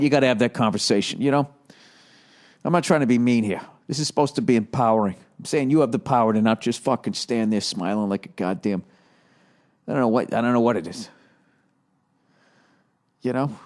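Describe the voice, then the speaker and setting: A man's voice: mid-range voice, brisk, pauses often, darkish tone. Grumpy profane man ranting on a podcast. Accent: Boston. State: mentally exhausted. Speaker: podcast host. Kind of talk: rambling comedic monologue.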